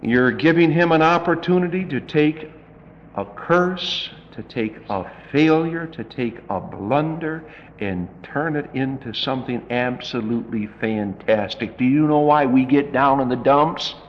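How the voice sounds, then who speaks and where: A man's voice: medium pitch, unhurried, highs cut off, a little hiss or hum. A male pastor preaching a sermon in a folksy, emphatic and dramatic way, in a reverberant church hall.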